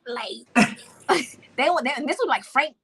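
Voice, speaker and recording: A woman in casual boxing talk, animated and swearing freely, acting out angry fans. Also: high-pitched, unhurried, slight background noise. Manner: animated, swearing, laughing often, acts out fans.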